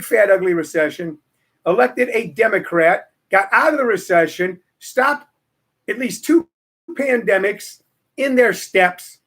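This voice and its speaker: A man's voice: sits high, fairly bright tone. A middle-aged man hosting a show, telling stories and giving opinions in a rambling casual way with many fillers. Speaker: host. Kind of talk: casual storytelling chat.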